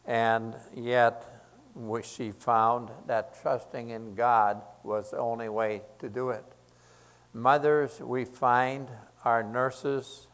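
Slow, earnest male preacher. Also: medium pitch, rough recording. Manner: slow, earnest, repeating phrases for emphasis. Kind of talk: sermon.

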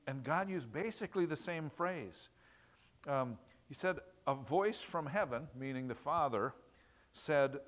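A man preaching a conversational sermon on scripture. He asks his listeners questions and repeats words for emphasis. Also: mid-range voice. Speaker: pastor.

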